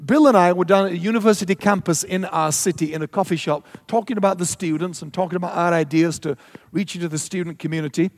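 A man preaching a storytelling sermon, animated and emphatic, acting out his own reactions. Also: high voice, fast, big-room sound.

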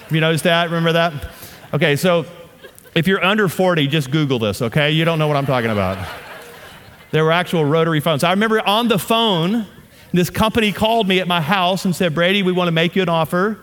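A middle-aged Louisiana pastor, voice on the high side and a bit bright, preaches briskly with humorous tales and playful asides to his audience. The church auditorium recording carries a long hall reverb and slight background noise.

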